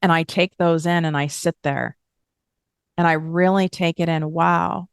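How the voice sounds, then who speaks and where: A woman's voice: fairly low pitch, fairly even intonation, a little slow, gravelly, clean tone, no room sound, studio quality. A woman hosting a podcast, talking frankly and emphatically in a candid self-help monologue, swearing casually. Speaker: podcast host.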